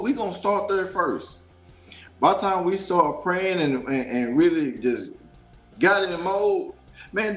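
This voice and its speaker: A man from Dallas, a talk show guest telling a story in an animated, preachy way. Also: high voice, reverberant. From Dallas, Texas. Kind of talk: casual storytelling.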